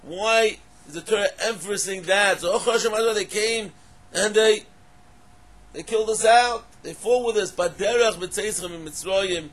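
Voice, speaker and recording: A man's voice: high voice, normal speed, fairly bright tone. A man giving a Torah lecture in English full of Hebrew and Aramaic terms. He poses questions, then repeats and stresses them. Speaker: Torah teacher.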